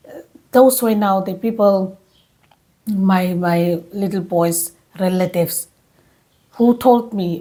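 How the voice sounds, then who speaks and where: A woman vlogger telling a personal story in an emotional, animated way, full of restarts and repeats, speaking English as a second language. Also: medium pitch, takes it slowly, long pauses.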